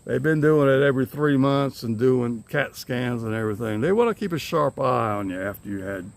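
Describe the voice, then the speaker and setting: With a medium-pitched, animated, creaky voice and a fairly quick pace, an older man chats to his handheld phone camera in his yard. He rambles easygoingly and chuckles frequently.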